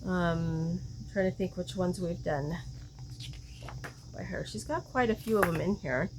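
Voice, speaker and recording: Slow-talking, chatty crochet host woman. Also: lowish voice, noisy background. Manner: chatty, thinks aloud and questions herself. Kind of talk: casual show-and-tell chat.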